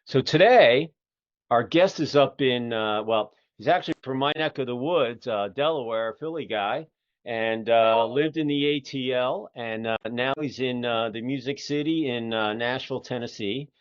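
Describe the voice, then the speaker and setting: Folksy and rambling, a middle-aged podcast host with a Philadelphia accent, from the Philadelphia area, USA, leads a casual interview show full of fillers. His mid-range voice is smooth at a normal speed, on a dry, muffled lo-fi recording.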